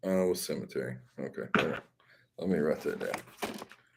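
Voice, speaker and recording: Low-voiced folksy Southern man chatting. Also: normal speed, creaky, background noise. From Mississippi. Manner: rambling, folksy, self-deprecating. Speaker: live stream host. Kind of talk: casual chat with viewers.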